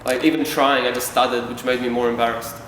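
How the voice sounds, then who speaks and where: A man's voice: mid-range voice, little pitch movement, quick pace, a bit bright, slight background noise. A man from Yugoslavia telling a personal story to a live audience, speaking candidly and casually with self-deprecating asides. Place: event hall. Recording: echoey hall from far off.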